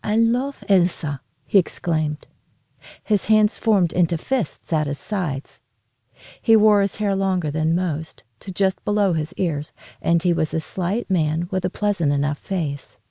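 A woman narrating a story in a steady, measured reading voice. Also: fairly low pitch, gravelly, no room sound.

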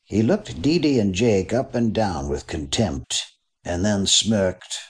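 Expressive male audiobook narrator. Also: lowish voice, slow pace. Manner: expressive reading with voiced characters.

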